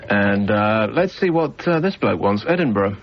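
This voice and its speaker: Heard through a dull 1990s radio broadcast with faint hiss, a UK man hosts a late-night phone-in on a studio mic. His low voice has lively intonation and a normal pace, and his casual chat is teasing, wry, and meandering.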